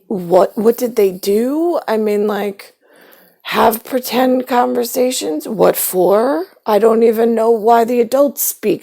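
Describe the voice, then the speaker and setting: A woman's voice: a little high, creaky, warm tone. A woman telling a rambling personal story in a wry way, acting out what her relatives said to her. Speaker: vlogger.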